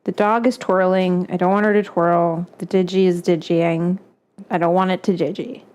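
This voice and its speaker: A woman's voice: on the low side, fairly even intonation, normal speed, a little mellow, smooth. A woman hosting a home cooking show in casual chat. She swears freely, keeps breaking into coughing fits, and baby-talks to her dog in her kitchen.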